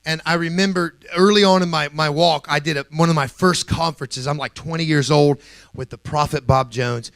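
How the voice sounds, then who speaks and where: Animated man reminiscing, dry sound. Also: on the high side, moderate pace, dry recording.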